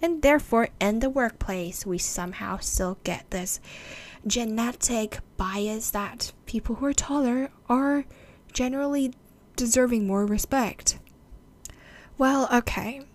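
A woman presenting an explanatory video talk, measured and speaking straight to her viewers. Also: on the high side.

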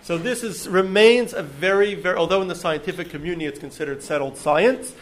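Male lecturer, slightly high voice, halting with ums and self-corrections. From United States. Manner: hesitant, many ums and restarts. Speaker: lecturer on Judaism. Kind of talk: public lecture to an audience.

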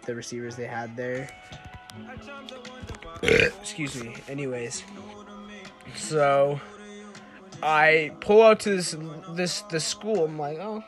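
A man's voice: fairly high pitch, fairly bright tone. A teenage boy hosting his own podcast, telling a story in a rambling, casual way, full of "like" and swearing. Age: teens. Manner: rambling, loose and profane, heavy on "like". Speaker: podcast host.

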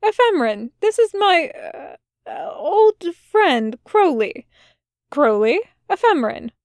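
A woman's voice: high voice, big pitch swings, slow pace, no echo, pitched above the performer's own voice, full character voice. Fussy, courteous male angel, read by a woman, raised and eager, dry close sound. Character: polite fussy male angel, easily flustered.

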